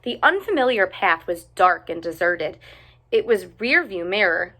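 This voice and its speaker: A woman reading a picture book aloud with expressive, animated narration. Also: on the low side, measured pace. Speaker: storyteller.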